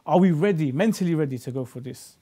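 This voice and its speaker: Upbeat British talk show host. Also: male voice, fairly high pitch, lively intonation, quick pace, mellow. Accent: British English. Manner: upbeat, asks rhetorical questions. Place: TV studio.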